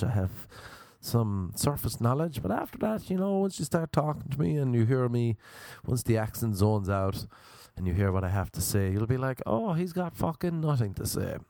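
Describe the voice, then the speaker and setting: A man's voice: mid-range voice, expressive, normal speed, few pauses, mellow, no echo, clean studio sound. A young Irish man hosting a podcast, delivering a sweary, sardonic comedic rant in a casual monologue. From Ireland. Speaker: podcast host.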